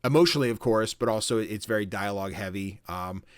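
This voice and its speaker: A man's voice: fairly low pitch, quick pace, no room sound, studio quality. A man co-hosting a podcast, telling game stories in casual chat, acting out quotes and swearing freely. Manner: animated storytelling, acts out quotes, swears casually. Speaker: podcast co-host.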